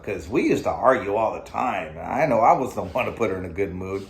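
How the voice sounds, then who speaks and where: A man's voice: on the low side, expressive, a little fast, creaky, hardly any pauses. A middle-aged man hosting his own vlog, telling a personal story in a loose, conversational way with many fillers and asides. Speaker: vlog host. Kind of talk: casual storytelling to camera.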